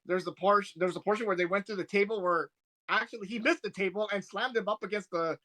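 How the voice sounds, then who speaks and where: A man with a bright, lifted voice, a touch higher than most, talking casually on a podcast. He rambles eagerly, restarting sentences as his excitement runs ahead of him. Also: fast. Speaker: podcast co-host. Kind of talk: casual wrestling podcast chat.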